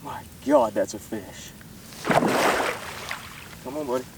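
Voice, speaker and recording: A man vlogging outdoors by a small pond, shaky and keyed up, full of excited exclamations and coaxing the fish he's landing. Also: mid-range voice, extremely slow, pauses often, far from the mic, very noisy. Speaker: fishing vlogger. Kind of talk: excited outdoor vlog commentary. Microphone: camera set up nearby.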